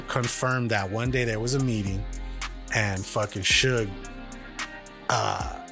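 A man co-hosting a podcast, rambling through a profane story in casual chat and acting out the quoted voices. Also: medium pitch. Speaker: podcast co-host.

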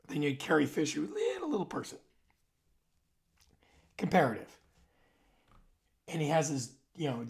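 With a heavily creaky, gravelly voice in a middle register, a vlogger in his forties delivers a casual, loose, rambling monologue to camera. He trails off mid-thought and circles back to correct himself.

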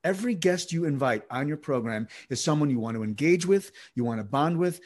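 A man's voice: a little high, lively intonation, a little fast. A man speaking as the guest expert in a podcast interview, giving long explanatory answers with frequent fillers and restarts.

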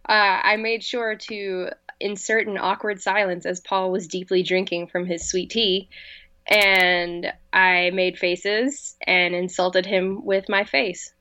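Slow-talking deadpan woman co-host. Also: mid-range voice, no echo, highs cut off. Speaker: podcast co-host. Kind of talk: casual podcast chat. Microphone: video call.

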